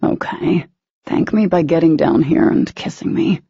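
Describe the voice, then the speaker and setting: A cocky young man from a romance audiobook, gentle and teasing with the woman he loves, as a woman narrator reads him in her own husky voice. The tone is warm and slightly gravelly. The recording is dull, dry and muffled. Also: low voice, measured pace, no echo, heavily acted. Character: young adult man, cocky yet tender love interest.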